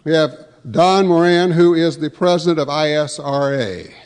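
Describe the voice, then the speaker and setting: Man, folksy emcee, slightly high voice, large banquet hall with long reverb. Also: moderate pace, background noise. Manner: folksy, with self-correcting restarts. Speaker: emcee at an awards luncheon. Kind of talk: joke-telling emcee remarks.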